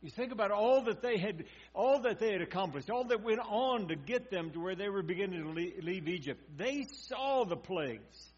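A man's voice: sits high, lively intonation, moderate pace, hardly any pauses, breathy edge. Man preaching, muffled with hum. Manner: conversational preaching, acts out quotes, drops to quiet intensity. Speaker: pastor. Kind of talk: sermon. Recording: dull muffled sound with mains hum.

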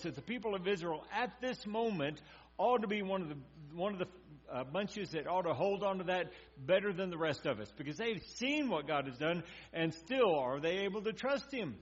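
A man delivers a conversational sermon, voicing quotes and sinking into hushed, earnest passages. His voice sits a little high for a man. The recording is dull and muffled, with a steady mains hum underneath. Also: moderate pace, breathy edge. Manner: conversational preaching, acts out quotes, drops to quiet intensity. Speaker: pastor.

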